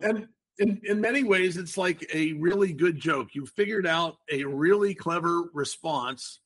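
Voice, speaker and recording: A man's voice: on the high side, unhurried, a bit bright. An older man hosting a casual podcast chat, explaining word games in a playful, wordy way. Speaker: podcast host.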